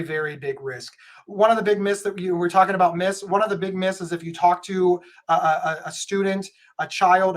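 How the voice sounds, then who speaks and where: A man, a podcast guest, telling a story in an animated way with many stammered restarts. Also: high-pitched. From United States. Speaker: podcast guest, mental health speaker. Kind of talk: conversational storytelling.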